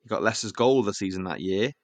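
Low-voiced man rattling off football stats. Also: very fast, no room sound. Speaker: football podcast host. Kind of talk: casual football chat.

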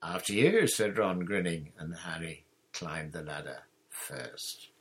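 A man narrating an audiobook in a measured, expressive reading. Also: extremely low pitch, slightly rough.

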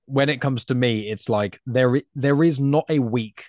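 A man's voice: medium pitch, normal speed, darkish tone, no echo, clean studio sound. An English man with a chatty, rambling way of talking, a guest on a casual podcast. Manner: chatty, rambling, self-correcting.

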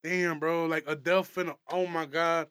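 A man's voice: fairly high pitch, level tone, moderate pace, a bit bright, clean tone, no echo. A young man hosting a casual comedy podcast, rambling, profane and laughing often. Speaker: podcast host.

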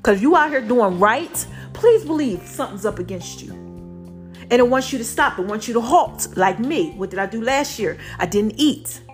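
At normal speed and with lively intonation, a woman with a slightly high voice delivers an impassioned testimony of faith to her viewers, faint music behind. Her throat tightens as she gets a little choked up, and she hammers points through repetition.

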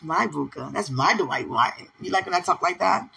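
A bright, slightly husky woman speaks in casual podcast chat. She talks affectionately to a partner, playful and animated. Laughter breaks through her speech often. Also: on the low side, moderate pace, few pauses, rough recording. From United States. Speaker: podcast host.

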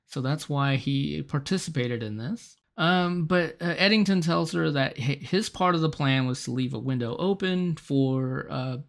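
A podcast co-host with a gravelly, fry-tinged voice at an ordinary mid pitch. They talk through a TV episode in a loose, chatty way, laughing often and swearing casually. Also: a bit bright. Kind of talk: casual chat recapping a TV episode.

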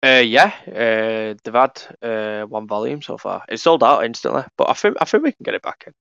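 A jokey man tells stories in casual podcast chat, swearing as he goes. His pitch swings in a lively, animated way. The sound is dry and a little dull. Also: brisk, gravelly, clear, resonant tone, dry recording. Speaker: podcast co-host.

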